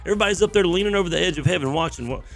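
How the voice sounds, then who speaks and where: A man preaches in a conversational yet emphatic way, circling back over his phrases to drive each point home. His voice sits a little high for a man and carries a gravelly, fry-edged texture. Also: rapid-fire, faint music behind. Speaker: pastor. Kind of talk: sermon.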